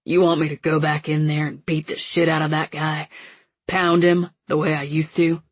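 A woman reading the part of an angry, bitter young man with a gruff, clipped delivery. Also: deep voice, little pitch movement, normal speed, dry recording. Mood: furious.

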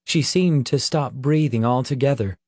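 A man narrating an audiobook in a slow, measured storytelling voice. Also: medium pitch, darkish tone, no room sound, studio quality.

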